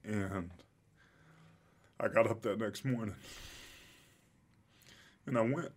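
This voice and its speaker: Low-voiced man telling an earnest story. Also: takes it slowly. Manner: reflective, earnest, emotional at times. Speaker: guest. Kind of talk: emotional personal storytelling.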